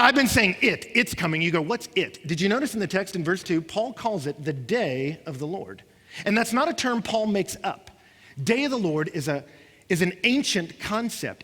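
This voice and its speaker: Man, sermon, slightly high voice, impassioned, acts out listeners' lines, long hall reverb. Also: a bit bright, breathy edge. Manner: impassioned preaching, acting out what listeners say, rising and falling intensity. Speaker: pastor.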